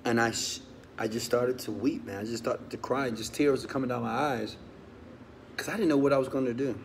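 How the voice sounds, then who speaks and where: A man, a motivational speaker, tells a personal story with strong feeling. He swings from loud urging to hushed confession and keeps asking his listeners questions. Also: mid-range voice, steady tone, brisk, a little hiss or hum. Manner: talks straight to listeners with questions.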